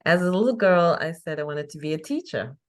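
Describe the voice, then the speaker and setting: A woman in her fifties from England talks in a low, full voice. She is a chatty guest who tells stories and laughs easily. Her tone is relaxed and conversational. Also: a little fast. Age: 50s. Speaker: guest, faith coach. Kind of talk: casual interview chat.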